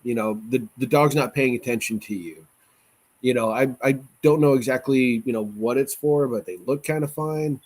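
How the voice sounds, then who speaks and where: A man's voice: mid-range voice, moderate pace, a little mellow. A man hosting a casual podcast chat, opinionated and joking, often restarting his sentences.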